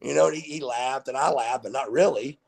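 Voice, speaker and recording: A man's voice: medium pitch, fairly quick, gravelly. A middle-aged man, a wrestler guest on an interview show, telling stories and acting out the dialogue. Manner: animated storyteller who acts out quoted dialogue. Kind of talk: casual storytelling interview.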